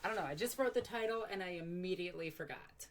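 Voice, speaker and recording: A woman with a low-pitched voice hosts her own live stream from home at her computer. She rambles loosely, mocks herself, and swears without a second thought. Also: fast talker. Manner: rambling, self-mocking, swears freely. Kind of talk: casual live stream chat.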